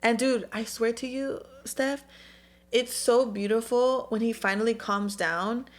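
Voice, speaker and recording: A woman's voice: fairly high pitch, unhurried. Candid young woman chatting casually. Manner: candid, animated storytelling with frequent "like" and "dude". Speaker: podcast co-host. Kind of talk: casual chat.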